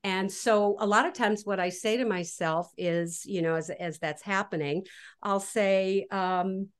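A woman's voice: mid-range voice, unhurried, clean tone. Woman guest explaining animatedly. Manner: animated, acts out inner voices. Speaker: guest author. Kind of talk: casual interview talk.

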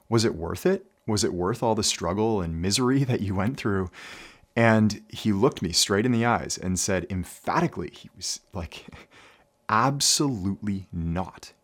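A man with a very low, deep voice speaks directly to young players as a coach. He tells his story earnestly and lets a light laugh slip in now and then. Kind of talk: motivational talk to camera.

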